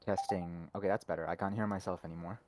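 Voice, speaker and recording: Easygoing low-voiced gaming guest. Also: male voice, fairly even intonation, fast talker, a little mellow, no room sound. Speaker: guest co-player. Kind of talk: casual gaming chat.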